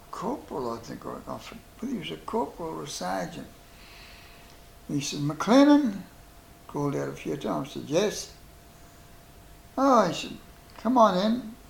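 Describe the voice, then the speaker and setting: A man's voice: on the high side, vocal fry, a little hiss or hum. An older man with a New Zealand accent, telling wartime stories as a veteran and acting out both sides of each conversation. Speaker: veteran interviewee. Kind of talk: oral history storytelling. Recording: roomy echo.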